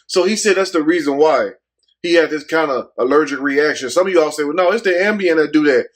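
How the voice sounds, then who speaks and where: A man's voice: on the high side, brisk. A man hosting his own channel, telling a news story to his viewers in a casual, joking, profane way. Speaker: YouTube commentary host. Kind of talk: casual commentary rant.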